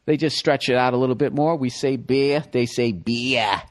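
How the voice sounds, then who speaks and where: A middle-aged man with a Boston accent, hosting a podcast with a profane, animated comedic ramble. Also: medium pitch, quick pace. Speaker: podcast host.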